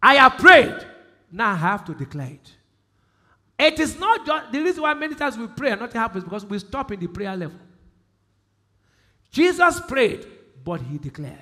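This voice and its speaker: A male pastor with a Nigerian accent preaching a sermon, asking the congregation questions and repeating key phrases, swinging between loud emphasis and quiet speech. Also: very high voice, sing-song, moderate pace, long pauses. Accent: Nigerian English.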